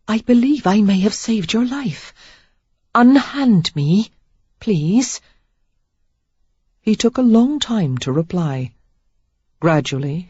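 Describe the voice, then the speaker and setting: A woman reads a novel aloud with a lively, expressive pitch and a husky, breathy grain. The sound is dry and close, with a slightly dull, muffled top end. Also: no room sound. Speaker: audiobook narrator. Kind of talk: scripted narration of a romance novel.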